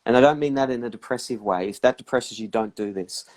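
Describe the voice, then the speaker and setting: A man's voice: medium pitch, fast, darkish tone. A man giving reflective advice in a casual live chat, often acting out inner voices. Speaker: guest practitioner.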